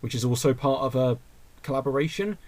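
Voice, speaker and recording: A man's voice: mid-range voice, fairly quick, darkish tone. A young man hosting a casual podcast over a voice call, reading listener questions and rambling with frequent restarts.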